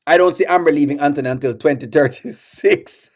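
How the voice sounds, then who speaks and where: A man's voice: a little high, fairly quick, a little hiss or hum. Chatty man hosting a reaction stream. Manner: chatty, questions the viewers and reads their comments aloud. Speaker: reaction show host. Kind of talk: live-stream reaction commentary.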